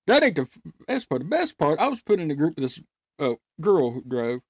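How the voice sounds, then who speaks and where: Animated, gravelly-voiced man. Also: a little high, brisk, no room sound, clean studio sound. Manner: animated storyteller, acts out voices, laughs often. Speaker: podcast host. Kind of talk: casual storytelling chat.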